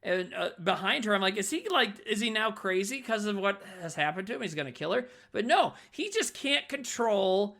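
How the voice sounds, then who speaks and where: A man co-hosting a podcast in casual chat, retelling a film in a rambling, animated way. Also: high voice, moderate pace, vocal fry, hardly any pauses. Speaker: podcast co-host.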